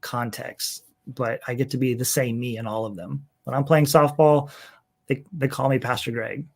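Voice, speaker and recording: A man of middle pitch speaks as an interview guest. He is a pastor who talks earnestly in relaxed conversation, stacking up short lists with repeated phrases. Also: normal speed, vocal fry. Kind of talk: casual interview talk.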